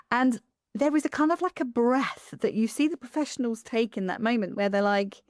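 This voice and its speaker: A woman hosting a podcast, talking in an emphatic, animated way with quick asides. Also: on the high side, dry recording, clean studio sound. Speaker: podcast host. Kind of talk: conversational podcast interview.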